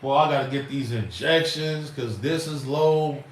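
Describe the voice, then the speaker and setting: This is casual livestream talk from a middle-aged host from Chicago who rambles emphatically and uses plenty of slang. He keeps a measured pace and a medium pitch. There's a roomy echo and faint noise, and he's distant from the mic.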